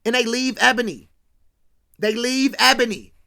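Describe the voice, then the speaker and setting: A show host doing an animated, slangy recap of a film, acting out the characters' lines and swinging between hushed asides and loud bursts. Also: medium pitch, moderate pace, gravelly. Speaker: host of a movie commentary channel.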